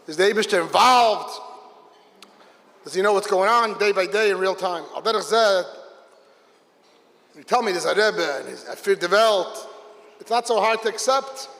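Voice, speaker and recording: A man, a rabbi, telling a story at a Hasidic gathering, lively and acting out the people in it. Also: sits high, moderate pace, vocal fry, long pauses. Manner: animated, voices characters in the story. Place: large hall with a gathered audience. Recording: long hall reverb.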